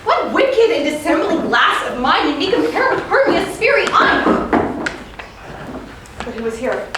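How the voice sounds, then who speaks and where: A woman playing a spurned young noblewoman pleads in a high, impassioned voice on a theater stage. The sound is heard from far off in an echoey hall, with noise behind it. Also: big pitch swings, unhurried. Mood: distraught. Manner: impassioned stage delivery that swings from pleading to outburst. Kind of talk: live stage acting. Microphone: far camera in the audience.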